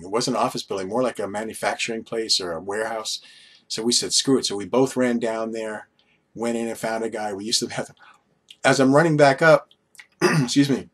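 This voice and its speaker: A man's voice: medium pitch, breathy edge. A man from Long Island with a local accent, rambling casually to the camera and telling stories with lots of asides. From Long Island, New York. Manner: meandering, storytelling with asides and restarts. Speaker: vlogger.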